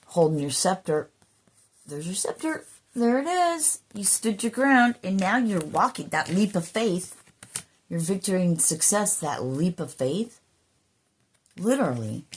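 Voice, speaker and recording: A woman giving an emotional, earnest spiritual card reading, sometimes dropping into soft whispers and swearing casually. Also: on the low side, slight background noise. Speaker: intuitive card reader.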